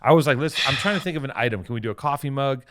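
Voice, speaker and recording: Profane excitable man on a podcast. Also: mid-range voice, rapid-fire, no room sound. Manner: profane, excitable, laughs often. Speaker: podcast co-host. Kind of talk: casual podcast banter with ad reads. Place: hotel room.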